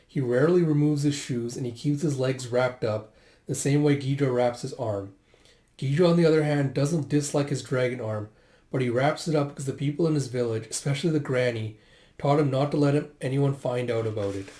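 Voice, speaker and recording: A man's voice: mid-range voice, brisk, warm tone, reverberant. A man casually reading a comic aloud and retelling its scenes, with lots of filler words. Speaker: comic readthrough host.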